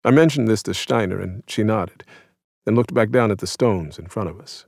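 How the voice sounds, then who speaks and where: A man in his thirties from the United States reads his own essay in a low, even voice. His delivery is measured and somber, and the recording is dry and close with no room sound. He narrates with quiet reflection. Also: gravelly, dry recording. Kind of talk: scripted narration.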